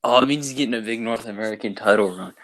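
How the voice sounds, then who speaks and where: A man's voice: lowish voice, racing, a bit bright, no room sound. Rambling podcast co-host, a man. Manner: rambling, swears, acts out quoted bits. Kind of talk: casual chat.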